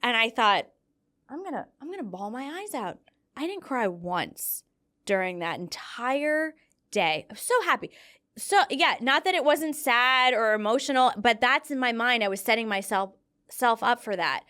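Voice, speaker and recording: This young adult guest has a slightly high, clear and resonant voice and keeps a moderate pace. She talks earnestly about grief in a casual conversation, telling animated, heartfelt stories with fillers.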